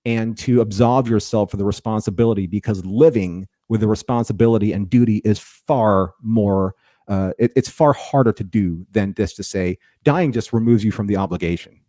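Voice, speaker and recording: A man's voice: fairly low pitch, moderate pace, dark tone, no room sound, studio quality. A man co-hosting a casual review discussion, rambling and restarting his sentences often. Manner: rambling, repeats words, frequent restarts. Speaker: podcast co-host.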